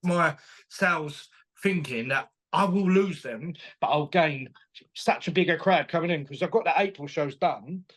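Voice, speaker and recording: Upbeat man, slightly high voice. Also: normal speed. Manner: animated, enthusiastic, laughs often, retells dialogue. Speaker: boxing promoter, guest. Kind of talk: casual interview chat.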